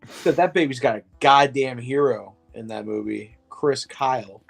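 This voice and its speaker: A man's voice: medium pitch, moderate pace, vocal fry, soft background music. A man co-hosting a film podcast in casual chat, joking and swearing freely, and often laughing. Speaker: podcast co-host.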